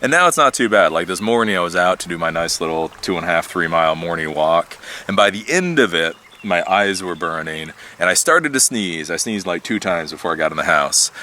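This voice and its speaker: A tech YouTuber with a low, animated voice talks a little fast in a bright, forceful tone, with slight hiss or hum on the recording. He rambles casually and energetically outdoors in a monologue vlog for his own channel, swearing and laughing now and then.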